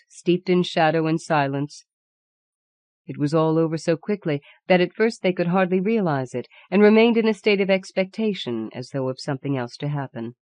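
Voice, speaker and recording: A woman narrating an audiobook in a measured, grave storytelling manner. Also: on the low side, dark tone, no room sound. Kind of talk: scripted narration of a horror tale.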